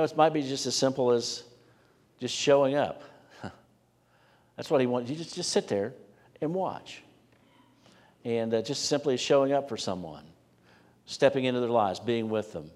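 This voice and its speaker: A man's voice: medium pitch, normal speed, long pauses. Man preaching in a reverberant church. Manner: earnest, conversational preaching with soft drops at line ends. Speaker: pastor. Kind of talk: sermon. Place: church sanctuary. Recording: long church hall reverb.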